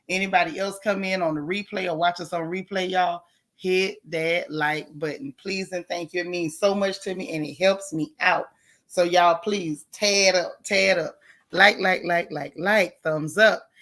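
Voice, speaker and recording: A woman hosting a late-night gossip livestream, chatting casually and greeting viewers by name in a hushed voice. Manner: hushed, talking low like whispering. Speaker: gossip channel host.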